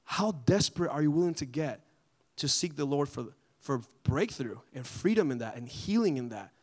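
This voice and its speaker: A man leading a group Bible study in a casual, animated way, often asking the group questions. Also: a little high, normal speed.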